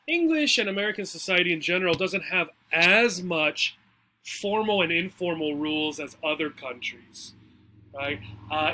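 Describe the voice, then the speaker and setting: A man's voice: sits high, pushed and bright, a little hiss or hum. A man teaching English, walking through a textbook dialogue in a chatty way and often checking in with "right?" and "okay?".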